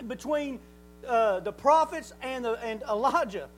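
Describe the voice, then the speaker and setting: A man preaching a sermon, telling the story in a folksy, animated way that builds to near shouting. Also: extremely high pitch, unhurried, faint music behind, low-quality recording.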